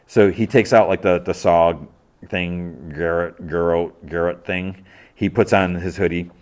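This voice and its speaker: A man's voice: low voice, fairly even intonation, a little slow, darkish tone. A man hosting a podcast, casually recapping a TV episode in a rambling way, with lots of "like" and restarts. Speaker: podcast host.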